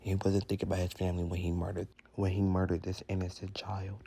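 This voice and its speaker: A man with a low, gravelly voice hosts his own commentary. He speaks bluntly and with indignation, in a flat, dark, mellow tone. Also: quick pace, slight background noise. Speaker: channel host. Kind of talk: casual commentary.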